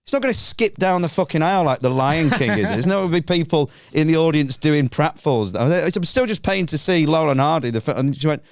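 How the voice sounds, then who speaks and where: Animated northern English man telling a story. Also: a little high, fast, few pauses, no echo. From northern England. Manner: animated storyteller acting out both sides of a row; sweary and indignant. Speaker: podcast guest. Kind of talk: comedic anecdote.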